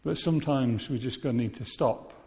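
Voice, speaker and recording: A man's voice: mid-range voice, brisk, warm tone. A man giving a sermon in a conversational way, asking his listeners rhetorical questions. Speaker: preacher. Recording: long reverb of a large hall.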